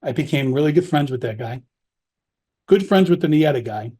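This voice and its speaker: A middle-aged man tells his story in a blunt, swearing, animated way. His voice sits fairly high for a man but has a mellow, husky tone. He talks like a guest in a casual interview. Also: normal speed. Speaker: podcast guest recounting his prison time.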